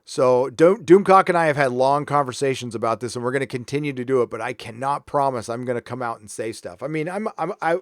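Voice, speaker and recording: A man's voice: mid-range voice, quick pace, hardly any pauses, no echo, clean studio sound. A man hosting a casual livestream, reading viewer donations aloud and answering them with sarcastic, mock-earnest remarks.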